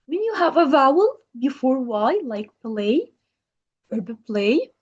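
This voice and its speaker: Woman teacher, slow patient grammar lesson, fairly high voice, dull lo-fi sound. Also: big pitch swings, a little mellow. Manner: slow, patient, asks the learner questions. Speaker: English teacher.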